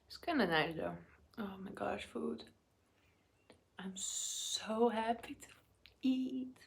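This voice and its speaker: Young woman rambling slowly between bites, lots of restarts, goes quiet and whispery at times. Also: fairly high pitch, gravelly, a little hiss or hum. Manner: halting, many restarts, murmuring and whispering while eating. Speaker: vlogger. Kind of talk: casual eating vlog chat.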